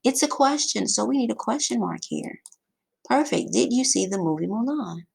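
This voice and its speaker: Raspy-voiced woman teaching grammar. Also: normal speed. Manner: lively, emphatic teacherly delivery with sudden pitch jumps. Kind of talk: grammar lesson over slides.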